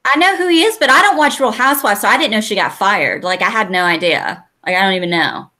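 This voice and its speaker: Woman co-host, bright tense tone, laid-back banter. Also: mid-range voice, lively intonation, quick pace. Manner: laid-back, reads chat comments aloud. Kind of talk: casual chat.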